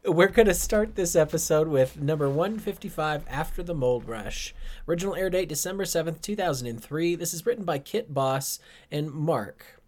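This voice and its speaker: A man's voice: on the high side, expressive, moderate pace. A man co-hosting a podcast in an easygoing, wry way, reading the intro and episode details. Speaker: podcast co-host. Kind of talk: casual chat.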